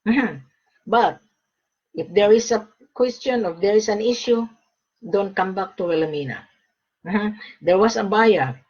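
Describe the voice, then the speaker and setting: A blunt woman gives broker's advice straight to the viewer, hammering home her points. Her voice is husky and mid-pitched. The recording is dull and lo-fi. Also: a little slow, long pauses, darkish tone. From Australia. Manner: blunt, emphatic, repeats points. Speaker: gold and diamond broker. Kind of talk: direct-to-camera advice talk.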